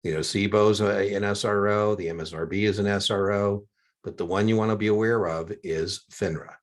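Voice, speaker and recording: A man's voice: fairly low pitch, steady tone, a little fast. An older man tutoring one student over a video call for an exam, chatty with joking asides.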